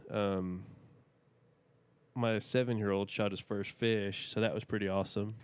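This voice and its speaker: A man's voice: lowish voice, steady tone, a little slow, clean tone. A man in his thirties, a podcast guest telling a rambling, folksy story and laughing often. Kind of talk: casual storytelling.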